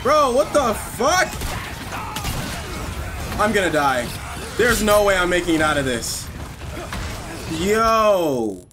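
A man streaming a horror game, reacting with loud, swearing outbursts and sarcastic commentary. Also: high-pitched, big pitch swings, slow pace, pauses often, over music. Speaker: gameplay streamer. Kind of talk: excitable let's-play commentary.

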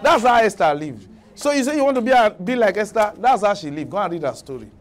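A man's voice: high voice, fast. A man preaching a sermon, telling stories and scolding his listeners with laughter in between. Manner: animated storytelling, laughing at his own points, scolding.

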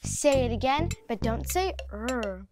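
A woman's voice: on the high side, animated, measured pace, music in the background. A woman teaching a dog tricks in a children's educational show, upbeat and encouraging.

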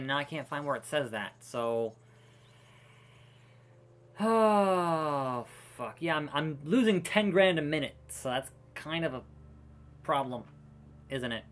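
A man's voice: fairly high pitch, lively intonation, slow, long pauses. A man streaming a park-building game, ranting profanely and exasperated with many restarts. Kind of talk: casual gameplay commentary.

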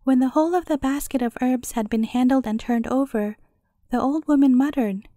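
A woman narrating a fairy tale as a bedtime story, reading in a calm, measured way. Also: high voice, dry recording, clean studio sound.

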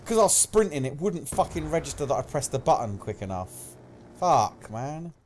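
A young man commentating live gameplay, swearing often and yelling at kills and deaths, with a slight cough. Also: fairly high pitch, normal speed, a little hiss or hum. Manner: excitable, swears a lot, shouts at game events. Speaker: gaming commentator.

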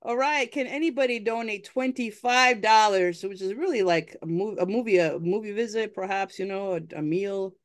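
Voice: mid-range voice, normal speed, few pauses. An event host running a live fundraising appeal at a town hall, upbeat, coaxing and chatty.

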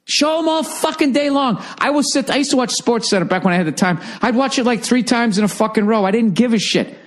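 A man's voice: very high-pitched, a little fast. A man in his forties with a Boston accent, hosting a solo podcast in a profane, rambling comedic rant. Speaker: podcast host.

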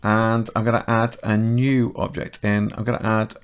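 A middle-aged man with a chatty, self-correcting manner, talking through a software modelling tutorial step by step. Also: fairly low pitch, little pitch movement, normal speed, slight background noise. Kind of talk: casual screen-recorded software tutorial.

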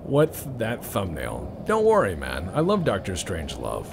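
A man's voice: low-pitched, huge pitch swings, measured pace, creaky, noisy background. A young man giving casual, joking commentary while playing a game, muttering to himself. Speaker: let's-play gamer.

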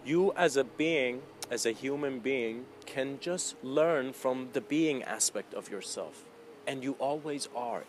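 A man's voice: medium pitch, slight background noise. Man giving a meditative spiritual lecture. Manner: meditative, slow, reflective. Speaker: spiritual teacher.

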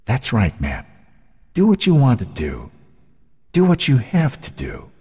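A man voicing a mysterious whispering voice that coaxes a boy on, in a hushed, coaxing whisper. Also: medium pitch, wildly swooping pitch, measured pace, slightly rough, long reverb tail, voice pushed up, heavily acted.

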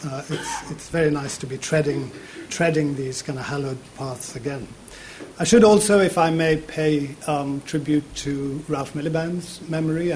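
A man in his fifties, a university politics lecturer, giving a public lecture in a lecture theatre, often pausing on fillers and repeating words. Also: fairly high pitch, darkish tone, a little hiss or hum.

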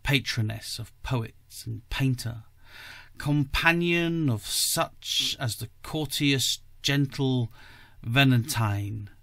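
A male podcast host reads a short story in a measured, careful manner. His pace is slow and unhurried. The recording is dry with no room sound, at a mid pitch. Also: vocal fry, fairly bright tone, no room sound.

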